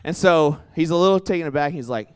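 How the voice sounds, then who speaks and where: A young man preaching in a casual storytelling style, chatty and animated, full of asides and questions put to a live audience. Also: on the high side, quick pace, clean tone. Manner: chatty and animated, full of "like" and "right?", quizzes the crowd. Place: church hall with a live audience.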